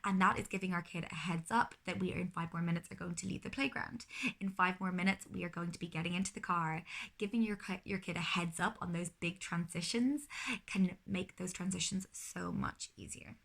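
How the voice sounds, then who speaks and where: Speaking in a gravelly, fairly bright voice on the low side, a thirty-something mom gives earnest parenting advice for her casual vlog, often revising her sentences partway through as she explains.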